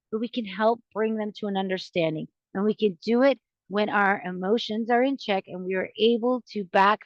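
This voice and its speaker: A woman's voice: medium pitch, dry recording. A woman hosting a podcast, giving casual advice in an earnest, rambling way that often stops and restarts mid-sentence. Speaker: podcast host. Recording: dry, dull lo-fi recording.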